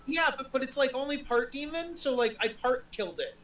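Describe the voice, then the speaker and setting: A man's voice: extremely high pitch, fairly quick, a bit bright, reverberant, recorded from a distance, voice pushed up, poor audio. A man voicing a timid young male devil who keeps a pet chicken, stammering and meek. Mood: sheepish.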